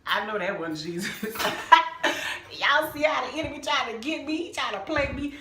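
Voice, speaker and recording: A middle-aged woman, telling a personal church testimony in an emphatic, animated way and calling her viewers "y'all". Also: medium pitch, roomy sound. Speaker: vlogger sharing a personal testimony. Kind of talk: casual storytelling testimony.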